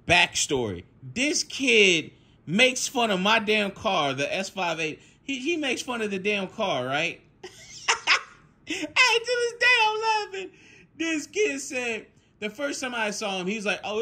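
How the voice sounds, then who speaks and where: A young man, telling a casual story at home, animated, laughing often and swearing freely. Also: a little high. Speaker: vlogger.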